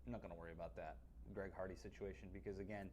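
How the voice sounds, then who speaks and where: A man's voice: deep voice, fairly even intonation, very fast, darkish tone, a little hiss or hum. Blunt opinionated male sports analyst. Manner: blunt, opinionated, frequent restarts. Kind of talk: casual sports talk.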